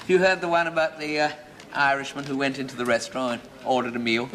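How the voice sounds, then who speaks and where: This time the fussy pub landlord from a 1970s sitcom is voiced by an actor with a natural, slightly bright mid-range voice. Chattering and giggling at his own jokes, he sounds self-amused, with slight background noise and a studio audience laughing.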